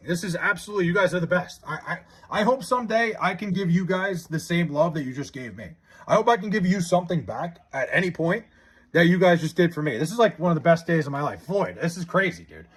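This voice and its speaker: A young man live-streaming, chatting casually and reading out viewer comments, excitable and stammering with frequent restarts. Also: sits high, quick pace, breathy edge.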